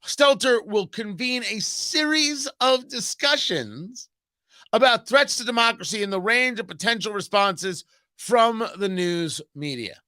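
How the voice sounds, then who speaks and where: A man's voice: sits high, animated, measured pace, sharp tone, no echo, clean studio sound. A man hosting a political commentary show, talking in a sarcastic, emphatic way. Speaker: host.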